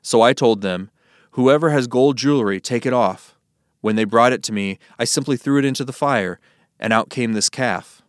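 A man's voice: medium pitch, moderate pace, dry recording, studio quality, lightly acted. A man voicing Aaron as an evasive priest making excuses in a Bible reading. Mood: defensive.

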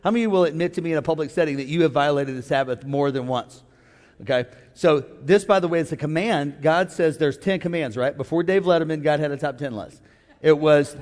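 A high-voiced male pastor preaching with comic energy and sudden shouts. His voice rings through a large sanctuary with a long echo. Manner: energetic, joking, shouts at the climaxes. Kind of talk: sermon. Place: church sanctuary.

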